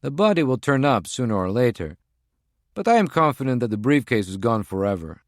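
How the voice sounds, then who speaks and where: A man's voice: mid-range voice, very animated, a little fast, no echo, studio quality, pitched above the performer's own voice, lightly acted. A man voicing a male henchman who reports by secure phone in an urgent, clipped, strained way. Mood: tense.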